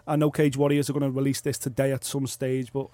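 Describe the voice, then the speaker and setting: A man's voice: medium pitch, no room sound. A man hosting a sports talk radio show from a studio. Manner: energetic presenter, fast links.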